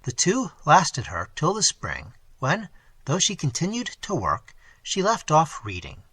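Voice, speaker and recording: A man reads a classic novel aloud with a wry, expressive touch. His voice sits a little high and bright, with a husky grain and very lively pitch. The recording is close and dry. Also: unhurried, no echo. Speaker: audiobook reader. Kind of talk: scripted narration of a classic novel.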